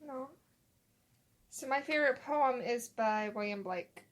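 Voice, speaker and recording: A young woman co-hosting a casual podcast, telling a rambling story and acting out quotes in a relaxed chat with her partner. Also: a little high, measured pace. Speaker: podcast co-host.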